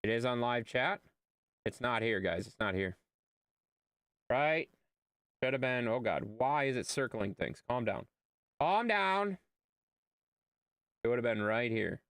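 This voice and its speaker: A man streaming a game live, chatting casually with his viewers, animated and playful with repeated phrases. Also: medium pitch, normal speed, pauses often, smooth, no room sound, studio quality.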